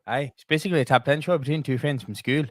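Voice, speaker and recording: A podcast host putting on a deliberately overdone Irish accent as a joke, delivering an introduction theatrically. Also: male voice, medium pitch, fairly bright tone, no echo, studio quality, pitched below the performer's own voice, natural voice. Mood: hammy. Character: jokey man in an exaggerated Irish accent.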